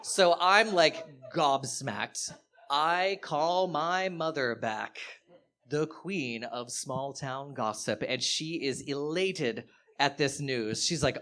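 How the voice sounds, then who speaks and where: A man performing stand-up comedy on stage, telling a story in an animated, profane way with sudden loud outbursts. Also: fairly high pitch, a little slow. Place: live stage show.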